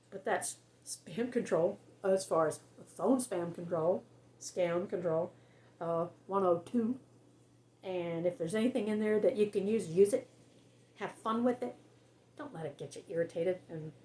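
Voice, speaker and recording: A woman's voice: lowish voice, measured pace, long pauses, dark tone. A woman vlogger giving casual advice to camera, chatty, laughing often and acting out her phone replies.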